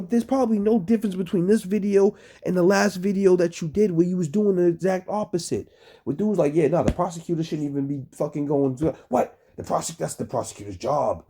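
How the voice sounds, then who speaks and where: A man's voice: on the high side, warm tone. Swearing, mocking man reacting. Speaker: stream reactor. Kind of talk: casual reaction commentary.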